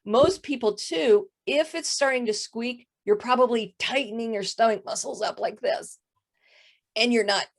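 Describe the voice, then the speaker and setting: A woman voice coach with a touch of vocal fry, explaining voice habits in an interview. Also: on the high side, normal speed. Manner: explanatory, demonstrates voice faults. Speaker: voice coach guest. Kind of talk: interview answers.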